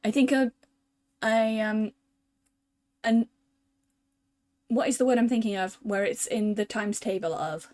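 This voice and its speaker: A young woman from the UK chatting casually as a streamer while playing a visual novel, thinking out loud in a self-deprecating way. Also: on the high side, steady tone, a little slow, pauses often. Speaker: VTuber streamer.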